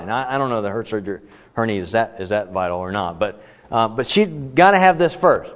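A man's voice: mid-range voice, big pitch swings, a little fast. A man teaching a Bible study in a conversational, emphatic way, often restarting his sentences. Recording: dull audio, long reverb in a hall.

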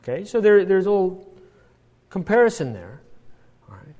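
A man's voice: sits high, sing-song, normal speed, dark tone, long reverb tail, lo-fi sound. A man teaching a Bible passage, explaining step by step and checking in often with "all right" and "right?".

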